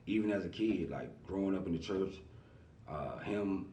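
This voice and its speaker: A man, a guest in a casual interview, talking in a relaxed, rambling way full of fillers. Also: sits low, normal speed, far from the mic, a little hiss or hum. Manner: relaxed, rambling, many fillers like "you know what I mean". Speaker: artist manager, guest. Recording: echoey room, voice off-mic.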